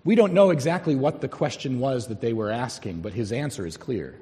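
A male pastor preaching a sermon, telling a story and slowing down to stress key words. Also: medium pitch, expressive, warm tone. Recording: long hall reverb.

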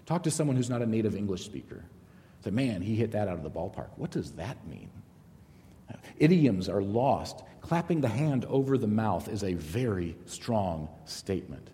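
A middle-aged man leads a Bible study in a church hall, his mellow voice swinging lively up and down as he tells stories and jokes. His talk rings with a long reverb from the hall around him. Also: fairly low pitch, normal speed. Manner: conversational, animated storytelling with jokes. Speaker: Bible teacher.

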